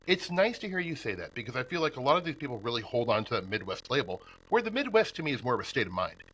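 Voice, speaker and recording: A man's voice: mid-range voice, big pitch swings, fast talker, fairly bright tone, a little hiss or hum, poor audio. A man from Nebraska hosting a podcast, chatting casually and laughing often with his guest. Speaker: podcast host. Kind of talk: casual interview chat.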